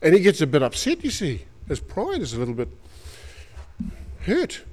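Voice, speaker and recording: A man's voice: a little high, wildly swooping pitch, normal speed, a little mellow, big-room sound. A man with an Australian accent preaching a sermon, retelling stories in colloquial slang and acting out the characters. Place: church.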